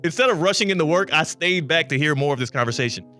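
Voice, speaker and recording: A man hosting a talk radio show, telling a long story with lively, animated delivery. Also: on the high side, quick pace, faint music behind. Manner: lively anecdotal telling with bursts of laughter. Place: radio studio.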